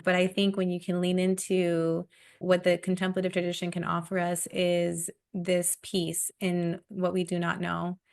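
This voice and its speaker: A woman hosting a faith and parenting conversation, speaking gently and reflectively with soft laughs. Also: on the low side, completely flat delivery, measured pace, creaky. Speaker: podcast host, parent. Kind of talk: casual conversation.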